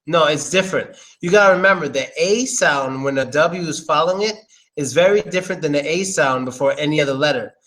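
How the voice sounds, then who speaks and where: Over poor audio, a young man gives a casual English pronunciation lesson, drilling the same words again and again. His fairly high, fairly bright voice moves fairly quickly, and his manner is chatty and loose.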